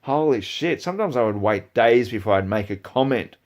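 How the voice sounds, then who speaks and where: A man's voice: medium pitch, expressive, moderate pace, darkish tone. Profane ranting man. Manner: profane, heated, swings between mutters and outbursts. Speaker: video creator. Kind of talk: angry ranting commentary.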